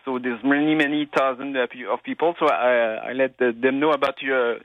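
A man from Quebec with a Québécois French accent, calling in to a radio show and speaking in a halting way with many restarts. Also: medium pitch, fairly even intonation, dry recording. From Quebec, Canada. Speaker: caller. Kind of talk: call-in radio chat. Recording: dry tinny phone line.

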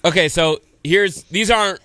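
A man's voice: high-pitched, moderate pace, sharp tone, dry recording, studio quality. A man co-hosting a casual chat, playfully teasing over pronunciations and saying "like" a lot. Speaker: co-host.

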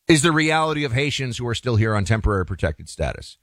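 A man's voice: mid-range voice, big pitch swings, fast, few pauses, fairly bright tone, no room sound. A man hosting a talk show, giving an emphatic, opinionated monologue with folksy asides to the listeners.

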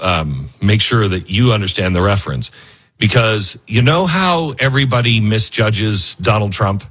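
A man hosting a political talk show, giving opinionated commentary in an animated way, laughing often and repeating himself for emphasis. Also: fairly low pitch, slightly rough.

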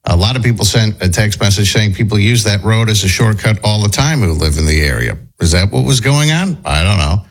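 Man, talk-show host, casual banter, thinks aloud, low voice, lively pitch. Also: brisk, hardly any pauses, breathy edge. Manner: thinking aloud with restarts and hedges.

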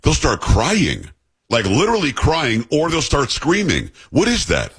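A middle-aged man hosting a talk radio interview, emphatic and asking pointed questions, with a husky voice. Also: fairly high pitch, wildly swooping pitch, measured pace, fairly bright tone.

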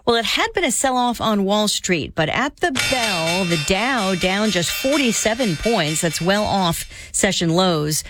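A woman anchoring a radio newscast with a brisk, polished read. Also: medium pitch, lively intonation, music in the background. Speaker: news anchor.

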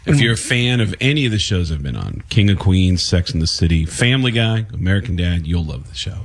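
A man appearing as a guest comedian on a talk show, telling stories in a rambling, animated way. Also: low voice, fairly quick, a little hiss or hum. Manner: rambling, animated storytelling with frequent laughs and restarts. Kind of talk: casual talk show storytelling.

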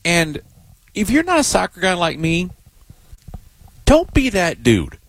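A man hosting sports talk radio, joking bluntly and drawing out his points slowly. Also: sits high, wildly swooping pitch, poor audio. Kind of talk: casual sports radio banter. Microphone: studio microphone.

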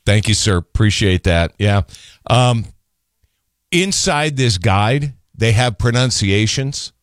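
A man hosting a call-in radio show, chatting and joking with callers in a relaxed, drawn-out way. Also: on the low side, dry recording, clean studio sound. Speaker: radio talk show host. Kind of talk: casual call-in talk.

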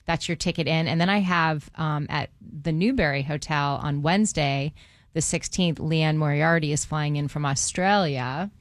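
Eager female radio co-host, low dry voice. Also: moderate pace, no room sound. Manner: enthusiastic, uses "like" a lot. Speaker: radio co-host running a book club. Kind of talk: casual morning radio banter.

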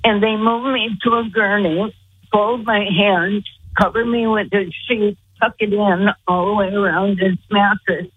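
A woman speaks slowly and earnestly, her voice very husky and breathy. She comes through a thin, tinny phone line with no room sound around her. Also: mid-range voice, fairly even intonation, dry recording. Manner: slow, earnest storytelling. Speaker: guest. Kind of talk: telling a personal story. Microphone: phone call.

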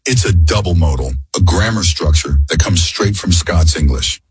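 A man's voice: deep voice, moderate pace, husky, no room sound, soft background music. A man narrating a scripted explanatory segment in an informative tone.

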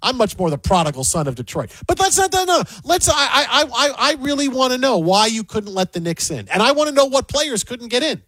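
A man hosting a sports talk show, rambling and animated, often repeating himself as he riffs. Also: extremely high pitch, fairly quick, hardly any pauses, no room sound. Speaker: sports radio host. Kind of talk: casual sports banter.

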